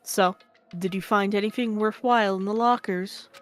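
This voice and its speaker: Kirigiri, a cool and guarded teenage girl detective, read out by a woman, speaks in terse, matter-of-fact lines at a middling pitch. Faint music plays behind her. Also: steady tone, normal speed, lightly acted. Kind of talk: dramatic reading of game dialogue.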